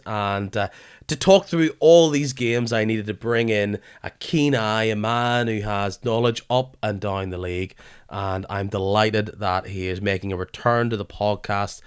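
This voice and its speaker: A man hosting a football podcast, his voice weary from a lingering illness, keen but halting at times. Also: fairly low pitch, smooth. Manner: enthusiastic, with halting restarts. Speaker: podcast host. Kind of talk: casual football podcast chat.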